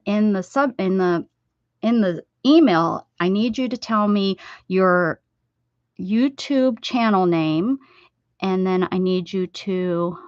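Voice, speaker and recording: A woman hosting a casual craft livestream, rambling and chatting warmly with viewers as she sews. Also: medium pitch, dry recording. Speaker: livestream host. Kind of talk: casual livestream chat while sewing. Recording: dull, dry lo-fi sound.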